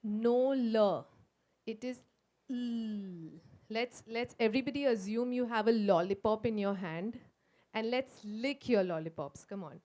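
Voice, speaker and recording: A woman with an Indian English accent leading a phonics workshop for teachers, slowly sounding out letters in a coaxing, sing-song way. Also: on the high side, darkish tone. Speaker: teacher trainer. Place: school workshop room.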